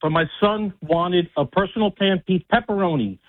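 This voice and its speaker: Caller on a tinny phone line. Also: male voice, high voice, fairly quick. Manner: animated storyteller acting out quotes. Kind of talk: phone-in storytelling.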